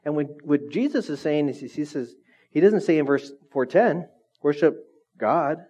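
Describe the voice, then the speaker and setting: A man's voice: a little high, moderate pace, slightly rough, highs cut off. Man preaching a conversational sermon. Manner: conversational, lively, asks the audience questions. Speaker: pastor. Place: church hall with congregation.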